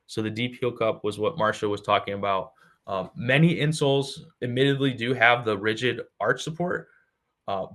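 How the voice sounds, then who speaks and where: Low-voiced man explaining insoles on a podcast. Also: fairly bright tone. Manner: explanatory, many "uh" and "um" fillers. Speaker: podcast co-host explaining products. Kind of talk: casual explanatory chat.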